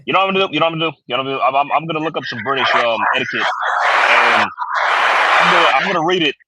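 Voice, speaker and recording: An American man co-hosting a casual live stream, talking quickly, repeating words and laughing often. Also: a little high, distant mic, very noisy. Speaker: co-host.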